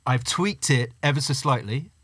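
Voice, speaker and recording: A man hosting a podcast in casual chat, brisk and explanatory with an amused edge. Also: mid-range voice, fairly bright tone, husky, dry recording. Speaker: podcast host.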